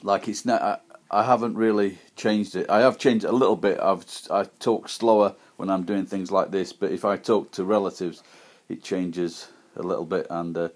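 A man from Sheffield talks into his iPad camera with a broad Yorkshire accent. His voice sits fairly low, and he rambles, stopping and restarting his sentences as he chats casually to viewers. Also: fairly even intonation, darkish tone. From Sheffield, England. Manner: rambling, halting, with many restarts and pauses. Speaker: vlogger.

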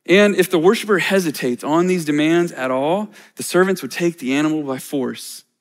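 A man's voice: a little high, normal speed. A middle-aged man, a church elder, preaching a sermon in a conversational way with self-deprecating humor.

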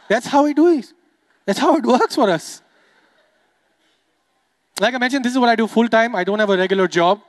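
A young adult man from Dubai performing a stand-up comedy set, chatting quickly and playfully with the crowd. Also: very high voice.

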